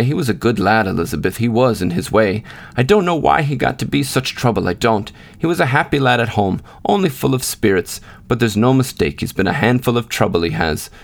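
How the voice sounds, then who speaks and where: A man's voice: lowish voice, animated, moderate pace, vocal fry. A man voicing a fretful, tearful woman of about sixty who rambles in lament. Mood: musing. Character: elderly mother-in-law, tearful and fretful.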